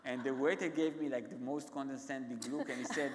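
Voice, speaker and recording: A man with an Israeli accent, a guest author telling stories on stage in a halting, self-interrupting way. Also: medium pitch, steady tone, a little hiss or hum. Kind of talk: onstage conversation, anecdotal storytelling. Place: large event hall. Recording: echoey hall.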